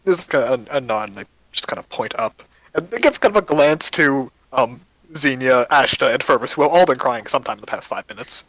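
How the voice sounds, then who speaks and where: A man's voice: mid-range voice, expressive, a little fast, a bit bright, dry recording, rough recording. A man running a tabletop game as game master, narrating casually with many fillers.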